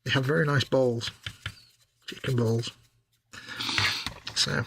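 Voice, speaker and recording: A man's voice: medium pitch, fairly even intonation, slow pace, creaky, noisy background. A man chatting casually and telling wry stories while he works as co-host of a live stream. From England. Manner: chatty, storytelling, wry exaggeration. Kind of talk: casual chat while working. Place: home workshop.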